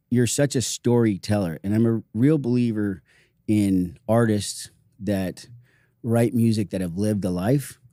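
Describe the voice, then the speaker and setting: Mellow-voiced podcast host, eager and chatty. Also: male voice, lowish voice, dry recording, studio quality. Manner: enthusiastic, talks over himself with restarts. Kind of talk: casual interview chat.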